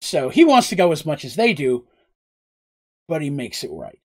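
Lively, husky male storyteller. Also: on the high side, normal speed. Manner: animated, chatty, asides to chat. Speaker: storyteller recapping a game. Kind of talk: casual storytelling on a live stream.

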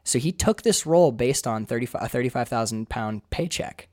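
American dude on a film podcast, swears a lot, gets all fired up, dry close mic. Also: male voice, mid-range voice, brisk, no room sound. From Upper Peninsula of Michigan. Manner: animated, swears freely, passionate about film. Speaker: podcast co-host. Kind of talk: casual film podcast chat.

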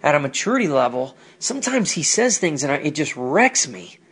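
Earnest man with a higher voice. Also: very animated, brisk, fairly bright tone, slightly rough. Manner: earnest, reflective. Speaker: podcast host with a ministry. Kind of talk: personal religious commentary.

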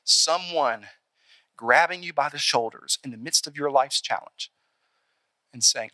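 A young adult man preaching a sermon in an animated, conversational way, acting out little scenes along the way. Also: medium pitch, measured pace, long pauses, dry recording. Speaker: pastor.

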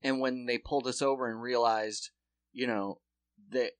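A man co-hosting a podcast, chatting casually and telling animated, profane stories. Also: medium pitch, moderate pace, dry recording. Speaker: podcast co-host. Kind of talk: casual chat.

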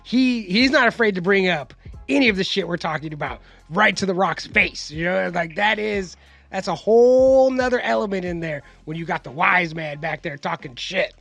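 A man with a notably high voice hosts a podcast, telling long, rambling stories and swearing freely. Faint music sits under his casual chat. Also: lively intonation, normal speed, gravelly, a bit bright. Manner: profane, rambling storyteller. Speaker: podcast host.

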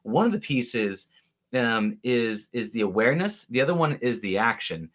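A man's voice: mid-range voice, sing-song, moderate pace, a bit bright. Reflective male podcast host. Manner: reflective, restarts thoughts while framing questions. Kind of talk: conversational interview.

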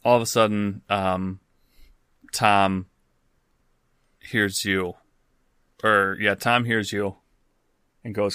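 A man's voice: on the low side, flat delivery, takes it slowly, long pauses, pushed and bright, clean tone, no echo, clean studio sound. A man narrating as game master in a loose, casual way, with swearing and restarts.

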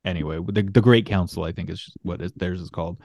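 A man's voice: sits low, fast talker, creaky, warm tone, no echo, studio quality. A man casually recapping a comic book on a podcast, rambling and swearing as he jokes through the story. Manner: rambling, profane, jokey storytelling. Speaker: podcast host.

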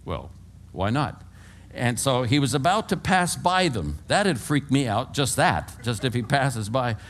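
An elderly man from California preaches to his congregation. He tells stories in a folksy, humorous way and moves freely between quiet asides and raised, emphatic lines. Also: mid-range voice, a little slow. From California, USA. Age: around 80. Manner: folksy, animated storytelling with humor, swings between hushed and loud. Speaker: pastor. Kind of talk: sermon. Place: church before a congregation.

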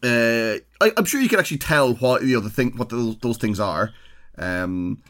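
A man co-hosting a podcast, talking casually with hesitant, halting restarts. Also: medium pitch, expressive, a bit bright. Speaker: podcast co-host.

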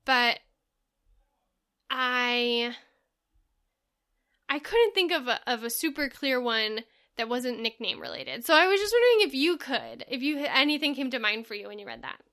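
A woman's voice: on the high side, very animated, moderate pace, pauses often, bright, forceful tone. A woman co-hosting a podcast, reading a passage aloud and chatting with enthusiasm. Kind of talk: casual chat, reading aloud from a book.

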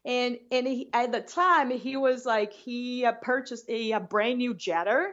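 A woman guest telling an animated story in casual chat, often restarting and repeating herself. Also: on the high side, a little slow, highs cut off. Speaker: interview guest.

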